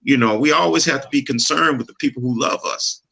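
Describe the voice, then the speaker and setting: A man's voice: medium pitch, a little fast, vocal fry, pushed and bright, husky. A middle-aged man telling a personal story in casual chat, earnest and preachy, laughing easily. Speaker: podcast co-host.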